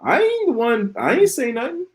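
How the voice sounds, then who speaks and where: A man's voice: very high voice, very animated, moderate pace, poor audio. A man hosting a live stream, ranting in an exasperated, sarcastic way and often repeating himself. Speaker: podcast host.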